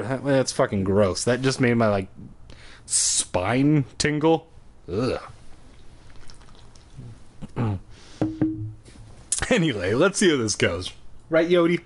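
A man at home doing a comic reading of a children's book, lively and breaking off into crude sarcastic asides. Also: medium pitch, slow pace, long pauses. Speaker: reader.

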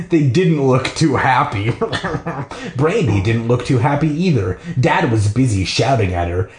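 A man's voice: mid-range voice, a little mellow. Joking man reading aloud in echoey room. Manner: irreverent, profane jokey asides. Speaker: podcast host reading a children's book aloud. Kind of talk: casual read-aloud with comic asides.

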